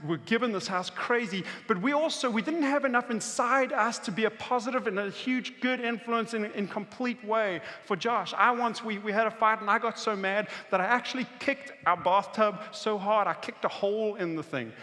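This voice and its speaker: A man delivers a sermon from a church stage, storytelling with vivid pictures and dropping to near-hushed tones before building up again. His voice sits high and rings bright. The sound carries a long, echoing reverb from the big room. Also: moderate pace, few pauses. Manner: storytelling, vivid, swings between intense and hushed. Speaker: pastor. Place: church auditorium.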